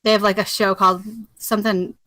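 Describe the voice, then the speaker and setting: Bright-voiced woman rambling on a call. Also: mid-range voice, flat delivery, brisk, no echo. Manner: chatty, rambling, laughs often. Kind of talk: casual group chat. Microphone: video call.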